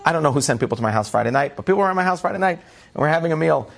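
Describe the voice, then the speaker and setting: A man telling a funny personal story to an audience, animated and self-deprecating, often breaking into quoted voices. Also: fairly high pitch, rapid-fire, gravelly. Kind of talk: anecdotal storytelling talk.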